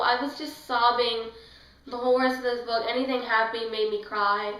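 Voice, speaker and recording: A woman with a fairly high voice gushes through a casual book-review vlog. She rambles with plenty of fillers and sounds emotional throughout. The sound is roomy, as if she sits a little back from the mic. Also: little pitch movement, normal speed, a bit bright, recorded from a distance. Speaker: book vlogger.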